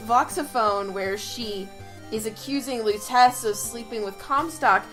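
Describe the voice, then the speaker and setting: Young woman podcast cohost, kinda high voice, gushes and cusses a lot, faint music behind. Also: unhurried. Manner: excitable, gushing, swears freely. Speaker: podcast co-host. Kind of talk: casual chat. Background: faint background music.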